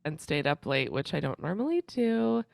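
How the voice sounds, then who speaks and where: A woman's voice: sits low, big pitch swings, moderate pace, creaky, dry recording, studio quality. A young woman co-hosting a casual podcast, congested and chatty, rambling with lots of fillers. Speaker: co-host.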